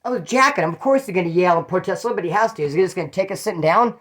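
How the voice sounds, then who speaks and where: A man's voice: high-pitched, racing, a bit bright. A man telling stories in a casual, blunt and profane way, acting out other people's lines. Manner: profane, blunt, acts out quotes. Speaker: former prisoner telling stories. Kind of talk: casual storytelling to camera.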